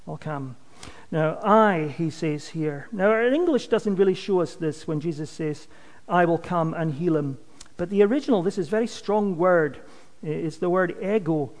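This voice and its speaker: In a big, roomy space, a man with a slightly high voice preaches a sermon. He's earnest and emphatic, and his volume drops off as each phrase ends.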